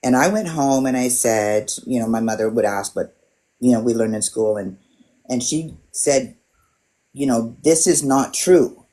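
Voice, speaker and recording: A woman's voice: very deep voice, a little slow, dark tone. Reflective woman in her sixties. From Alberta, Canada. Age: 60s. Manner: reflective, lots of "you know" fillers. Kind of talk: casual chat, storytelling.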